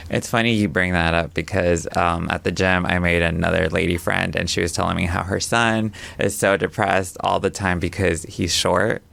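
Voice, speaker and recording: Very deep, gravelly man chatting easily. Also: fairly even intonation, moderate pace, few pauses, fairly bright tone, no room sound. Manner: easygoing, laughs often, says "like" a lot. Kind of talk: casual podcast chat.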